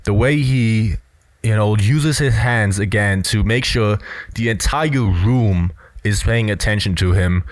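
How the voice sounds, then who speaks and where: A man with a low voice gives casual commentary on film clips and breaks down gestures as he goes. His talk is loose and full of "you know" and "right?", and it sounds dry and close with no room echo. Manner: explanatory, heavy on fillers like "you know" and "right?". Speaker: body language commentator.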